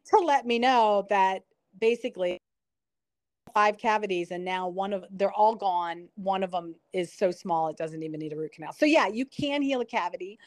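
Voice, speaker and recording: A woman's voice: mid-range voice, normal speed, no echo. A middle-aged woman, a nurse and guest, explaining at length in conversation and telling stories with frequent restarts. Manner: chatty, explanatory, storytelling with restarts. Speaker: guest, nurse and product founder. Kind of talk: conversational interview.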